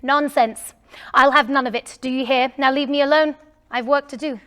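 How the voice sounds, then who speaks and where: A woman's voice: high-pitched, sing-song, slow pace, voice pushed up, heavily acted. A woman voicing a grumpy, miserly old man who grumbles and barks at everyone in a storybook read-aloud. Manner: loud, grumbling, barking outbursts.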